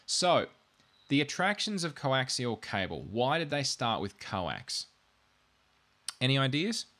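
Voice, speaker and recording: A podcast host with a mid-range, fairly bright voice explains networking gear in a casual, rambling way, very animated but slow-paced. He's self-deprecating and tosses in jokey asides, and he says he's had too much coffee, which leaves him wired.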